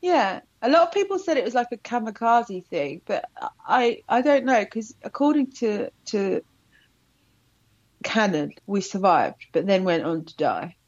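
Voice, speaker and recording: A talkative woman in an interview, telling lively behind-the-scenes stories. Her sound is dry and a little dull. She talks at a middle pitch. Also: unhurried, no echo. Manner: chatty, animated storytelling with laughs. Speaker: actor guest. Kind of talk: casual interview chat.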